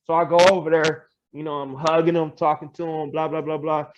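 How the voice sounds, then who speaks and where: A young man talks through his story as a podcast guest, loose and animated, slipping into little quoted voices and laughing as he goes. His voice sits a touch high. A faint hiss of noise runs under the recording. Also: brisk. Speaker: podcast guest, pro wrestler. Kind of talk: casual storytelling interview.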